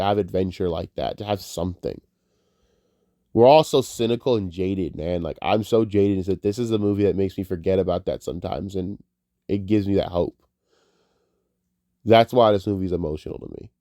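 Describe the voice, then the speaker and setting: A man's voice: low voice, moderate pace, dark tone, no room sound, studio quality. A man giving a casual, rambling movie review, emotional and tearful, swearing freely as he talks. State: tearful, crying.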